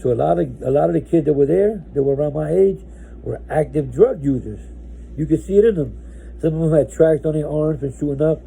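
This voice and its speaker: Gravelly dark-voiced man telling a story. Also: on the high side, fairly quick, low-quality recording. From New Jersey, US. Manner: rambling, with many restarts and "right?". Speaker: former inmate telling his story. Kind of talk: casual storytelling.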